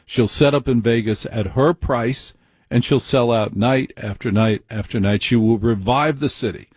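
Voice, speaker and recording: A man's voice: mid-range voice, moderate pace, husky, dry recording. A man delivering a rambling, digressive comedic rant in a conversational way.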